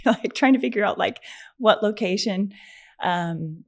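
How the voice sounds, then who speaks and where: A middle-aged woman, a podcast guest, telling a personal story in a chatty, animated way, with many fillers and frequent laughs. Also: on the low side, normal speed, gravelly. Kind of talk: conversational storytelling.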